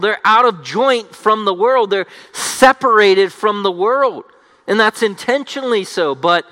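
A man's voice: high voice, pushed and bright. A man preaching an expository sermon as pastor, emphatic, restating each point in repeated phrases. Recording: long reverb of a large hall.

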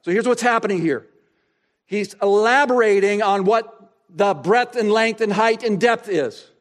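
A male pastor preaching a sermon, asking rhetorical questions and pausing for effect, slowing down to stress key phrases. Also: sits high. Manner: expository preaching, rhetorical questions, dramatic pauses.

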